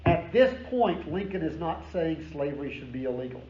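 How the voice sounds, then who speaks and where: Man, professor lecturing a class, energetic and emphatic, casual asides, echoey room, faint noise. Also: a little high, moderate pace. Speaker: history professor. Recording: roomy, dull lecture recording with faint noise.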